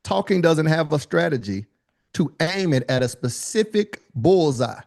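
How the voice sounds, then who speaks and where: Energetic man coaching a live workshop. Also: a little slow, vocal fry. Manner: high-energy, calls on attendees by name, call-and-response; casual colloquial delivery. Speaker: speaking coach. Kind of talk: live online workshop teaching.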